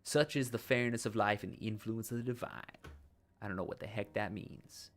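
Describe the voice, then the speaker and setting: A man's voice: lowish voice, fairly quick. Man reading a text adventure aloud. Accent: put-on accent while narrating. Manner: dramatic narration broken by casual asides. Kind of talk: reading game text aloud with casual asides.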